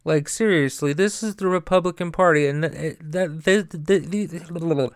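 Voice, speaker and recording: A podcast host with a slightly high voice speaks at normal speed on a dry, clean studio recording. He delivers an angry, profane political rant, and a stutter makes him repeat sounds and words as he gets started.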